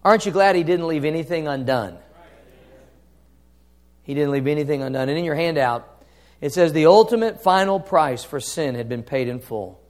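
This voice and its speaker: A man preaching a sermon, moving from hushed, quiet passages to loud, impassioned climaxes, repeating phrases for emphasis. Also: a little high, normal speed.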